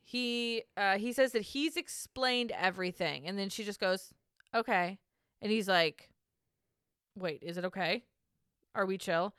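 A woman's voice: mid-range voice, unhurried, long pauses, a bit bright, clean tone, dry recording, clean studio sound. A woman co-hosting a casual recap podcast, talking bluntly with frequent swearing and laughter. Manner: blunt, profane, laughs often. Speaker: podcast co-host.

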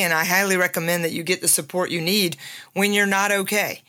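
A woman's voice: fairly low pitch, fairly even intonation, a little fast, pushed and bright. A woman from the USA hosting a motivational podcast, upbeat and emphatic, laughing often. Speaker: podcast host. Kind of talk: motivational self-help talk.

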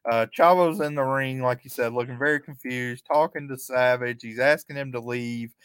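A man co-hosting a podcast, recapping events play by play in a relaxed, chatty way and chuckling often. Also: medium pitch, normal speed, smooth, no room sound. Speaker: podcast co-host. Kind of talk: casual recap chat.

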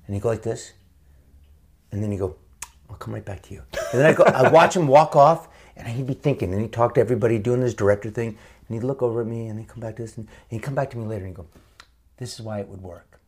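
A man guesting as an actor in a casual interview, telling stories quickly and acting out what others said. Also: medium pitch. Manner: fast, animated storytelling with quoted voices.

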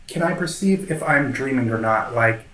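A man's voice: medium pitch, animated, normal speed, sharp tone, echoey room, a little hiss or hum, poor audio. A man playing a casual tabletop game, joking and playful as he talks. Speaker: player.

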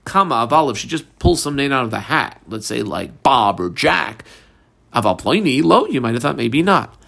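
A man walks through a Talmud page with a lively, swooping delivery, jumping between Aramaic phrases and chatty English. His voice has a gravelly rasp underneath. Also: mid-range voice, moderate pace. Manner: animated, mixes Aramaic with casual English asides. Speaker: Talmud teacher. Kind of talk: daf study lesson.

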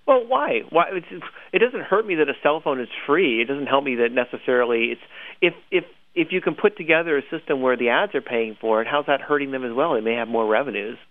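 A gravelly-voiced man co-hosts a casual news talk, animated and opinionated. His voice comes through thin and tinny, like a phone line. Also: medium pitch, fast. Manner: animated, opinionated, laughs often. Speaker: podcast co-host.

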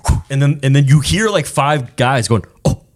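A man's voice: mid-range voice, normal speed. A man, a touring musician, chatting casually and acting out funny stories. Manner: animated storyteller, acts out quotes. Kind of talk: casual chat.

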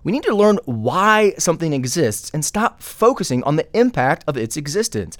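A man's voice: on the high side, very animated, moderate pace, no room sound. A man who is a journalist and podcast host, delivering opinion commentary emphatically, with many rhetorical questions.

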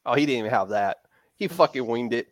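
A man co-hosting a casual fan podcast, talking fast and animated, swearing a lot and acting out quotes from the characters. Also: mid-range voice, no echo, studio quality. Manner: animated, profane, acts out quotes. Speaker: podcast co-host.

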